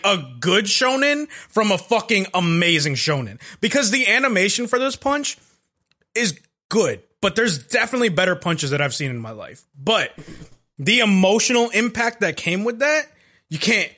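Bright-voiced excitable man chatting anime. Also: sits high, normal speed. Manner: excited, rambling, swears freely. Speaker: podcast co-host. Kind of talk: casual chat about anime.

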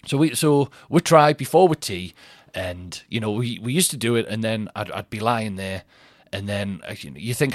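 A man's voice: lowish voice, moderate pace, no echo, studio quality. A man in his thirties hosting a podcast, telling rambling, self-mocking stories with lots of restarts. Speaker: podcast host. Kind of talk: casual comic monologue.

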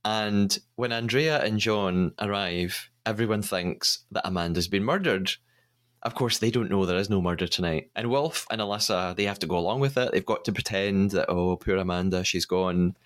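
A man's voice: low voice, moderate pace. Chatty man recapping episodes. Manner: chatty, retelling scenes, some stammered restarts. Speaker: podcast host. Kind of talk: casual recap chat.

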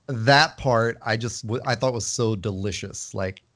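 A man co-hosting a podcast chats casually about a book series, enthusiastic yet hesitant and restarting often. His voice is lowish and fairly bright in tone, and he speaks unhurriedly.

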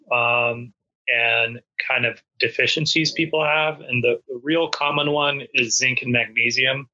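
A man's voice: mid-range voice, sharp tone, dull audio. A man in casual podcast chat who rambles with many restarts and fillers.

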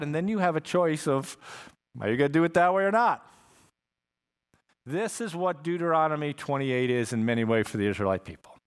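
Male pastor, slightly high-pitched, casual sermon delivery with emphatic repetition. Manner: conversational, repeats phrases for emphasis. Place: church sanctuary with congregation.

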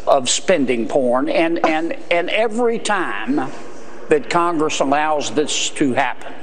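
A man's voice: fairly high pitch, expressive, slow pace, a little hiss or hum. A man giving a floor speech with folksy, crude rhetoric. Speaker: congressman.

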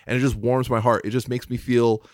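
A man's voice: mid-range voice, little pitch movement, fairly quick. A man co-hosting a podcast in casual chat, heartfelt and emotional, rambling and restarting his sentences. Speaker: podcast co-host.

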